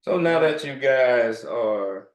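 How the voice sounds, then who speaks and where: A male podcast host keeps the chat loose and teasing. His voice is mid-pitched. The room adds a noticeable echo. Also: lively intonation. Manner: playful teasing with quick laughs. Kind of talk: casual chat. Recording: echoey room.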